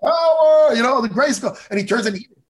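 A man co-hosting a casual chat show, ranting excitably and swearing a lot. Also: very high voice, quick pace. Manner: animated profane ranting, excitable. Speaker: podcast co-host.

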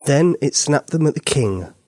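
A man narrating a bedtime story for young children, expressive and animated. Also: fairly high pitch, moderate pace.

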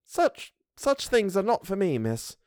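A simple, soft-hearted old housekeeper, put on by a male reader, her voice lifted high and quavering with feeling. She drags out her words when she is upset. The sound is close and dry, with no room around it. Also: huge pitch swings, dry recording, heavily acted. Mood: tearful. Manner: high, soft, emotional voice, often slowed. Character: older female housekeeper, simple, tender-hearted, tearful. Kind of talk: audiobook reading of a classic story.

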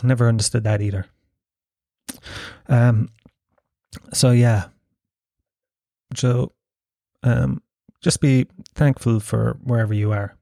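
With a mid-range, slightly mellow voice, this man hosts his podcast and delivers a meandering, foul-mouthed rant, cracking himself up along the way. The studio recording is dry and clean.

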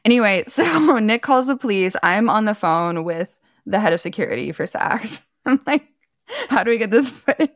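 A woman co-hosting a podcast, telling a story in a lively, laughing way and acting out the people she quotes. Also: medium pitch, normal speed, no echo, clean studio sound. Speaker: podcast co-host. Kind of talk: casual storytelling chat.

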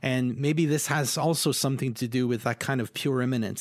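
A man of ordinary middle pitch talks through abstract ideas in a loose, flowing way. He leans on casual fillers as he builds each thought. The recording is close and dry. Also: fairly even intonation, moderate pace, hardly any pauses, no room sound. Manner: fluid, abstract theorizing peppered with "like" and "you know". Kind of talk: casual conversational discussion.

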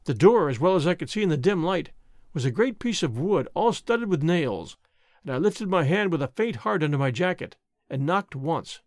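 Expressive male audiobook narrator. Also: fairly high pitch, no room sound, studio quality. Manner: measured storytelling, voicing the characters. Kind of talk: scripted narration.

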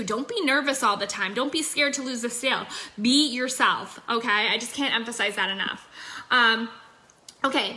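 Speaking into her phone, a young woman delivers a casual livestream coaching talk on sales, upbeat and chatty and heavy with fillers. Her voice sits on the high side, bright with a forceful edge.

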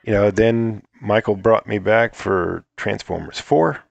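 Gravelly low-voiced man telling a story. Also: measured pace, dry recording. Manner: rambling, profane, acts out quotes of others. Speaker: guest. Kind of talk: casual storytelling.

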